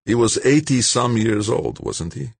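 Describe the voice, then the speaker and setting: A man's voice: medium pitch, expressive, measured pace, creaky, husky, dry recording, pitched above the performer's own voice, heavily acted. A man voicing a stern, guarded power-hungry politician. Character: ambitious male politician, guarded and proud.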